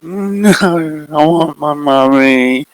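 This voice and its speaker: A man's voice: a little high, drawn-out words, no room sound, voice pushed up, poor audio. A man voicing a frightened little girl who stammers and whimpers.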